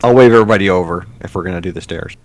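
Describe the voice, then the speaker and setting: A man's voice: sits low, very fast, dry recording. A man playing a tabletop game, talking in a polite, careful way. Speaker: player. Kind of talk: casual game talk.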